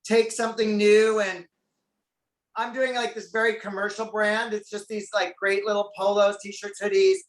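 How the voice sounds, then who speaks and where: High-voiced man, chatty storyteller, echoey room. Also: little pitch movement, moderate pace. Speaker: guest. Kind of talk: casual interview chat.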